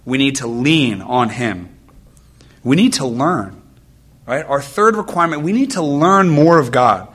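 A man's voice: medium pitch, lively intonation, a little slow, fairly bright tone, breathy edge. A man in his thirties giving a sermon with personal stories to a church audience, talking in an earnest, conversational way and often checking in with "right?". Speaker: nurse giving a church talk. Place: church gathering with a live audience.

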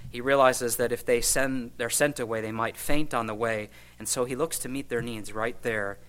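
A man preaching an expository sermon, reading scripture aloud and then commenting with gentle asides. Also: mid-range voice, low-quality recording.

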